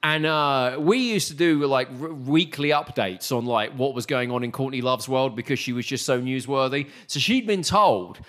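A man's voice: medium pitch, normal speed, few pauses. A man co-hosting a podcast, telling anecdotes in casual chat and acting out quoted lines. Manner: animated anecdotes with put-on quotes. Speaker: podcast co-host.

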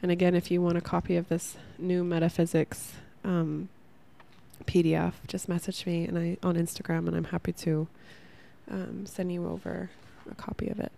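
Gravelly, mellow-voiced woman hosting a podcast. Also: fairly low pitch, level tone, normal speed. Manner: rambling, earnest, laughs at herself, lots of "like". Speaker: podcast host. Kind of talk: casual spiritual self-help podcast.

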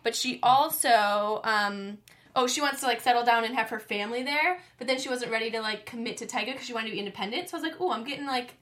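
A chatty, giggly woman co-hosts a casual after-show panel, thinking aloud in a loose way. Her voice is high and bright. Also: fast. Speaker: co-host.

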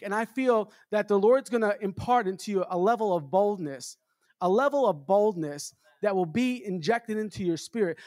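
Guy preaching, kinda high voice, chatty and story-ish, lots of amens, dry close sound. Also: no room sound. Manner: conversational preaching with repeated amens. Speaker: traveling minister. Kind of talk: sermon.

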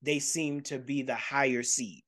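Male host, mid-pitched, teasing questioner in a sports chat. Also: fairly even intonation, unhurried, a bit bright. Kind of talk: casual sports talk.

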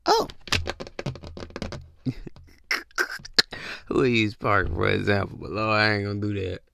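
A man's voice: lowish voice, slow, gravelly, pushed and bright, a little hiss or hum. A man hosting a casual comedic podcast rant, talking close to the mic and acting out confused texters in jumpy voices. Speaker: podcast host.

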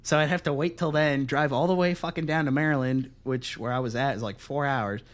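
A young man in his twenties co-hosting a podcast, telling a long profane story in a casual, animated way and laughing as he goes. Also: medium pitch, fairly quick. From Pennsylvania. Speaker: podcast co-host.

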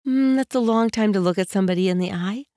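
A woman giving a spoken self-help lesson as a coach. She talks in a gentle, earnest way and varies her tone on purpose. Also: medium pitch, fast, dry recording, clean studio sound.

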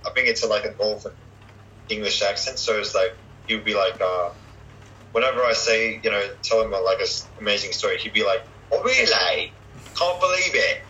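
Give me a bright, tense-sounding young man. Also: lowish voice, steady tone, a little fast, dull audio, slight background noise. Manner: hesitant, full of fillers and restarts. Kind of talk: casual chat.

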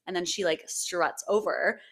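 A woman's voice: on the low side, normal speed, vocal fry, fairly bright tone. A young woman co-hosting a podcast in casual chat, gushing and swearing freely, with lots of "like" and "um". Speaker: podcast co-host.

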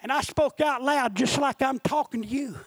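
High-voiced impassioned preacher man. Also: normal speed, slightly rough, no echo. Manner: impassioned, rises to shouting. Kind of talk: sermon.

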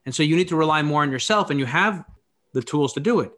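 A man's voice: fairly high pitch, animated, quick pace, a bit bright. A man who runs his own podcast, a guest here, thinking aloud in a reflective, philosophical way. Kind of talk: reflective conversational talk.

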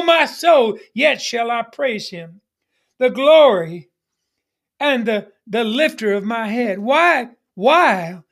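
A man's voice: very high-pitched, gravelly, a bit bright. A middle-aged man preaching a sermon as pastor, emphatic, with repeated refrains and calls for the congregation to respond.

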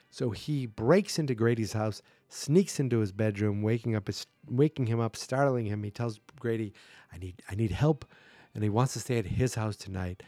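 A man's voice: medium pitch, mellow, dry recording. A man hosting a podcast, casually recapping a horror film scene by scene, joking and acting out characters' lines. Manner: chatty, jokey, acts out characters' lines. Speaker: podcast host.

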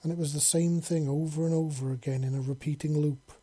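A storybook narrator reads in a flat, level delivery with little pitch movement. The voice is husky and dark-toned, recorded close and dry. The reading is steady and blunt, coarse words included. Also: brisk, hardly any pauses, no room sound.

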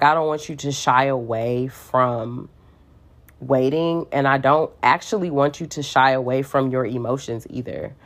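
A young woman in casual faith talk, telling stories with sass and slang and acting out quoted voices. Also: extremely low pitch. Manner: sassy, animated storytelling with slang and quoted voices.

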